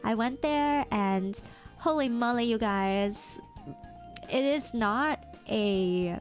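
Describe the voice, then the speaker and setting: A woman's voice: mid-range voice, takes it slowly, pauses often, faint music behind. A woman streamer chatting casually, telling a story with lots of fillers and stammers.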